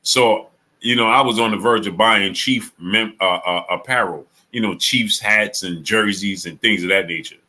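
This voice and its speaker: A man hosting a boxing live stream, telling stories in a lively, animated way, quoting a friend and shouting out viewers in the chat. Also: lowish voice, normal speed, hardly any pauses. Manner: animated storytelling, acts out friend's quotes. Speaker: sports channel host.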